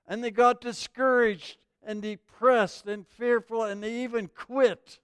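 Man preaching, pretty high voice, dry close sound, tells stories with lots of energy. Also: a little slow, clear, resonant tone, no echo. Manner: animated storytelling preacher. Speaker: pastor. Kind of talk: sermon.

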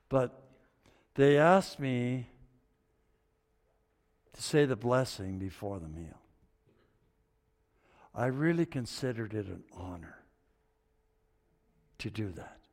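An older man preaches at an unhurried pace, telling a story from his own life. His voice sits at a middle pitch and swings between quiet asides and loud, excited outbursts. A long reverb trails behind every word, as in a large hall. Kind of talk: sermon with personal testimony.

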